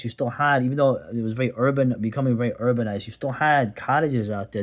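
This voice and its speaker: A man talks through an old comic book in a loose, rambling way, wandering off into asides. His commentary is casual and often sardonic. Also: mid-range voice.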